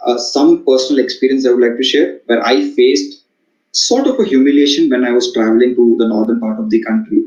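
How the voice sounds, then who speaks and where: A man with an Indian English accent, a communication trainer lecturing students in a halting way, with many fillers and repeated words. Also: mid-range voice, darkish tone. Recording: echoey, dull-sounding room recording.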